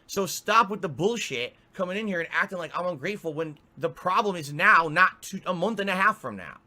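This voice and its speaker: A man's voice: high voice, animated, brisk, pushed and bright. A male streamer in an angry, profane rant, exasperated and repeating himself.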